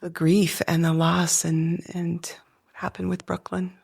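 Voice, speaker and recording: A woman podcast host asking gentle, careful questions, with halting restarts. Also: lowish voice, little pitch movement, gravelly, breathy edge, dry recording. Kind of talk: interview questions.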